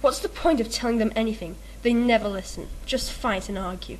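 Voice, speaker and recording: A woman's voice: on the high side, fairly quick, a little mellow, close to an everyday voice, low-quality recording. A woman doing a sly, coaxing shadow double. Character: sly manipulative young male shadow double.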